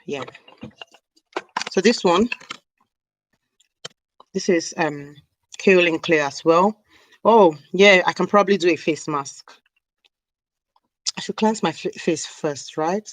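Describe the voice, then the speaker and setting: A woman's voice: fairly low pitch, slow pace, pauses often, dry recording, rough recording. A woman chatting casually on a live stream, rambling and snacking as she talks. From Nigeria (South South). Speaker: hair care vlogger. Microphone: camera mic on a live stream.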